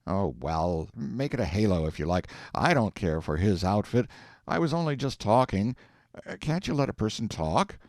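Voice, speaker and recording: A man reading aloud, voicing an excitable husband who talks in an eager, folksy, impatient way. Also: on the low side, normal speed, no echo, clean studio sound. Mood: casual.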